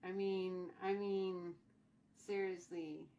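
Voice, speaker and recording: A woman's voice: on the low side, level tone, takes it slowly, warm tone. A woman in her forties tells a childhood story in a casual vlog, rambling and repeating her phrases as she goes. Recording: distant mic, faint background noise.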